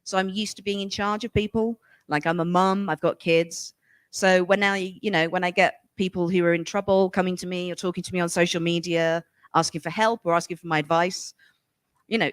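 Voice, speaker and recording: Speaking briskly in a fairly low voice on a dry recording, this forty-something English author appears as a guest in a relaxed chat. She is blunt and emphatic, curses casually, and brings quotes to life by performing other people's voices.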